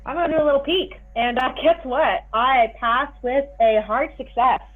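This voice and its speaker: A woman playing a tabletop horror game, eager and excitable, heard over a tinny call line. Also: high voice, normal speed. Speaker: player. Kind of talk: casual tabletop play. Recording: tinny phone-like call audio.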